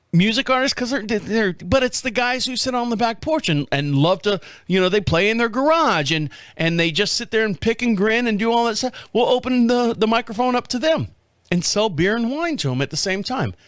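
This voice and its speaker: A man's voice: very high-pitched, expressive, normal speed, a bit bright, dry recording, studio quality. A man in his fifties telling a rambling story in a casual monologue, acting out the other people's lines as he goes. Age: 50s. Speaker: podcast host.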